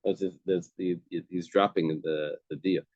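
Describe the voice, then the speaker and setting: A man's voice: low-pitched, steady tone, measured pace, darkish tone, dry recording. A man teaching a Talmud class, explaining each case step by step and repeating key phrases. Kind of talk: daf yomi class explanation. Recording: dull, dry lo-fi recording.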